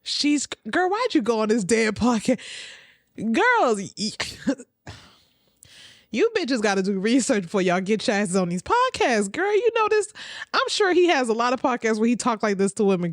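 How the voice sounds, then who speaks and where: A woman's voice: on the high side, sing-song, normal speed, no echo, studio quality. A woman hosting a reaction video, commenting bluntly and profanely and laughing often.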